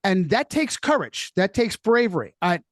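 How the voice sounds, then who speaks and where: A man's voice: high voice, big pitch swings, normal speed, a bit bright, no room sound. A man speaking as a podcast guest in casual chat, making emphatic points that he repeats for weight, often ending on "okay?". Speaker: guest author.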